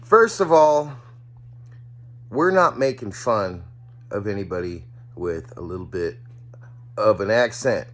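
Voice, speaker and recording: A man from Washington state hosting a casual off-road vlog, relaxed and chatty with plenty of fillers, recorded on a phone in a vehicle outdoors. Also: lowish voice, takes it slowly, pauses often. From Washington state, US Northwest. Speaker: vlog host. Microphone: phone camera. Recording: music playing underneath.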